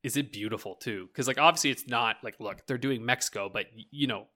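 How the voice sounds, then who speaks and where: Bright-voiced man chatting casually. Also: medium pitch, quick pace. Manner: rambling, fills with "like", swears freely, laughs often. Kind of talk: casual chat.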